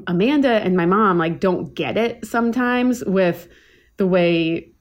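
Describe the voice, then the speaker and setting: This woman in her thirties talks in a relaxed, rambling podcast style, stacking "like" and restarting her sentences as she tells stories about her family. Her voice sits at an ordinary middle pitch for a woman, and she slips into quick little voices when she quotes her parents. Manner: chatty storyteller, many likes and restarts, acts out family quotes. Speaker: podcast guest, chef. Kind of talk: casual podcast chat.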